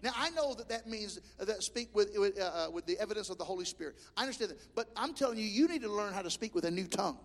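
A man preaching a Pentecostal sermon as pastor in a church, impassioned, with shouted peaks and stammered restarts. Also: high-pitched, lively intonation, fast, hardly any pauses. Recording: long reverb of a large hall.

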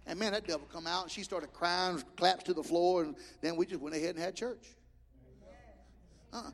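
A man preaching a Pentecostal sermon as pastor in a church, impassioned, with shouted peaks and stammered restarts. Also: on the high side, normal speed, creaky, pauses often. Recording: long reverb of a large hall.

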